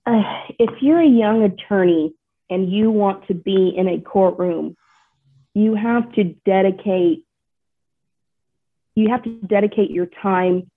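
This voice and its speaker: A young woman with a Texan accent, speaking as a guest lawyer in a casual interview, thoughtful and measured with frequent fillers. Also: mid-range voice. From Texas. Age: young adult. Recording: tinny phone-like remote call audio.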